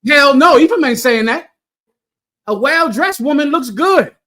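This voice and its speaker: A man's voice: very high voice, animated, measured pace, pushed and bright. A man preaching to a room in a blunt, crude and scolding way, firing pointed questions at his listeners. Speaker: preacher lecturing a class. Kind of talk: preaching commentary.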